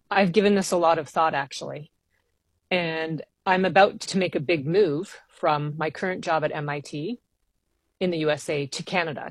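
A woman with a low voice talks as a scientist in an interview. She explains her work at length, earnest and enthusiastic. The sound is dry and close, as in a studio. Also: dry recording. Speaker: planetary scientist guest. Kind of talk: radio interview.

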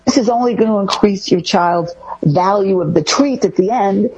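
A woman co-hosting a casual talk show, giving parenting advice in an animated way and acting out things parents say. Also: mid-range voice, moderate pace, slightly rough, muffled recording. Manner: animated, acts out parent phrases. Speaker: co-host giving parenting tips.

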